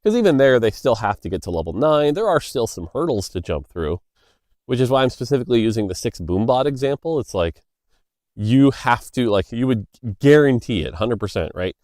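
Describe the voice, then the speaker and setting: A man's voice: medium pitch, sing-song, a little fast, a little mellow, no room sound, studio quality. A man, a game designer, chatting loosely outdoors on a walk, answering questions with lots of fillers and side stories. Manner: loose, filler-heavy, storytelling. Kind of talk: casual Q&A monologue. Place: outdoors walking by a road.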